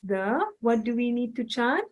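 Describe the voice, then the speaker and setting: Brief: a lively woman telling a children's devotional story, fairly high-pitched. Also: measured pace, poor audio. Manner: animated, questioning, acts out voices.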